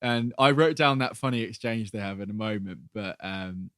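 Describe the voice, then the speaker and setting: A man's voice: on the low side, normal speed, a bit bright, smooth, no room sound, clean studio sound. A man co-hosting a podcast, recapping a TV episode in rambling casual chat and acting out the characters' lines. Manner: rambling, acts out quotes with laughs. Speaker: podcast co-host.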